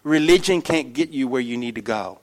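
A middle-aged man preaching a sermon as pastor, telling stories with animated energy and dropping to quiet, earnest emphasis. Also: mid-range voice, fairly quick. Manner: animated storytelling that shifts between loud excitement and quiet earnest emphasis.

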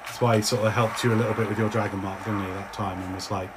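A man running a tabletop game as game master, narrating in a relaxed, meandering way with frequent restarts. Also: lowish voice, fast, background noise.

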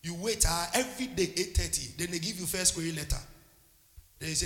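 A man's voice: a little high, quick pace, fairly bright tone, reverberant, big-room sound. A man preaching a sermon as a pastor, impassioned and calling out to his congregation.

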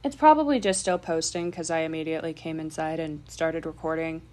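A woman's voice: sits low, fairly quick, darkish tone. A young woman co-hosting a podcast over a remote call, chatting casually, swearing offhand and laughing often. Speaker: podcast co-host. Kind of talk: casual chat.

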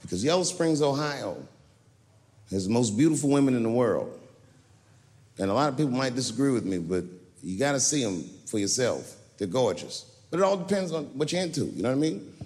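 Male stand-up, lively swooping delivery, slightly high voice, long hall echo over a noisy crowd. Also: a little fast. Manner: animated storytelling with acted-out quotes. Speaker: stand-up comedian. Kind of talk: stand-up comedy performance. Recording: reverberant venue with crowd noise.

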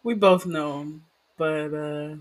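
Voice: medium pitch, fairly even intonation, slow. A podcast co-host making dry, teasing remarks in casual chat.

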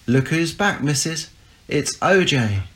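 A man's voice: a little high, expressive, slow pace, a bit bright, pitched above the performer's own voice. A man doing a mocking, boastful middle-aged dad. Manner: teasing, boastful. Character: mocking middle-aged working-class dad, teasing critic.

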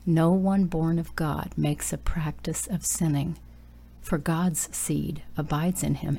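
A woman's voice: deep voice, vocal fry, warm tone, slightly rough. A woman preaching a sermon and leading a prayer, exhorting her listeners and dropping at times into urgent whispers.

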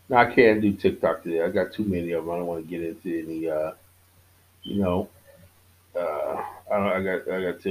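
A man's voice: low voice, low-quality recording. A man talking straight to his audience in a casual, profane rant, blunt and defiant. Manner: blunt, defiant, swears freely.

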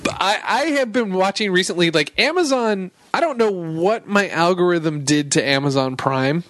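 A man's voice: high-pitched, animated, normal speed, fairly bright tone, no echo. A man co-hosting a comedy podcast, rambling through stories in casual chat with lots of "um"s. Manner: rambling, trailing off with "um"s. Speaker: podcast co-host.

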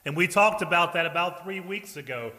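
Pastor guy preaching, kinda high bright voice, goes loud then quiet, church reverb all around. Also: animated, brisk. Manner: earnest preaching, swings between loud emphasis and quiet asides. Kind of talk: sermon. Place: church sanctuary.

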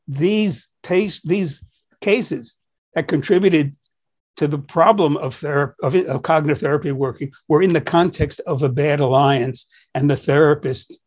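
Male psychologist co-host, fairly high voice, animated raconteur. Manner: animated storyteller who acts out quoted dialogue. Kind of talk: conversational discussion.

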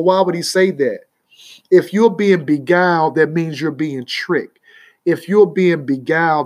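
A male preacher giving a sermon, emphatic, often asking his listeners "you see that?". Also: fairly high pitch. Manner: repeats "you see that?" to the congregation; slow, emphatic delivery with long pauses.

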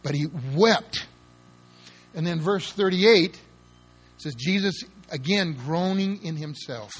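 Guy preaching a sermon, fairly high voice, really emphatic and dramatic. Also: slow, husky, faint music behind. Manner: emphatic, dramatic, spells words out and acts out quotes.

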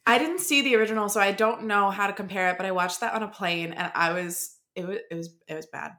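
A woman co-hosting a podcast in casual chat, quick and self-deprecating. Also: medium pitch, fairly bright tone. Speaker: podcast co-host.

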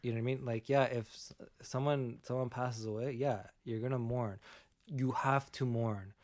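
A man's voice: mid-range voice, moderate pace, no room sound. Sex: man. Style: casual drama chat, dry sound. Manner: animated, repeats words and acts out quotes.

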